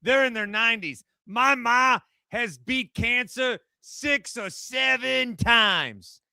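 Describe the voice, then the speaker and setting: A man's voice: very high-pitched, slow, creaky, bright, forceful tone, clear, resonant tone, no echo, full character voice. A man putting on a mournful, complaining male New football fan. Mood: gloomy dramatic. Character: grumbling doom-laden male New York football fan.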